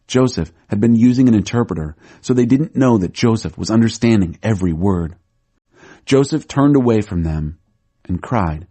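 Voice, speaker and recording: A man narrates a Bible story in a steady, even read. His voice sits low and sounds mellow and a little husky. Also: moderate pace.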